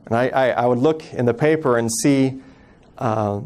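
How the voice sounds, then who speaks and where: A man in his thirties giving an earnest personal storytelling talk as a guest speaker, acting out family members' words softly. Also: medium pitch, normal speed. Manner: earnest, acts out quoted family voices softly.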